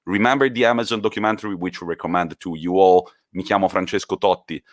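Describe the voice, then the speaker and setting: Deep-voiced man, casual podcast co-host. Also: fast talker, dry recording, clean studio sound. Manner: animated, swears freely, acts out quotes. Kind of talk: casual football podcast chat.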